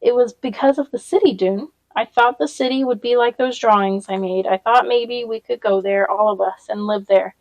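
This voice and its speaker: An eager runaway girl back home, as a woman reading a novel aloud puts her on. She talks in a bright, breathless rush, her voice lifted a little high. She sounds pleading and excited by turns. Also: moderate pace, few pauses, no room sound, close to an everyday voice, low-quality recording.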